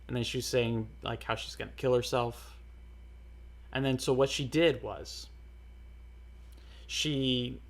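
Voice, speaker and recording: A young man telling a personal story in a casual, earnest way, halting often with fillers and restarts. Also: mid-range voice, gravelly. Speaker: storyteller vlogger.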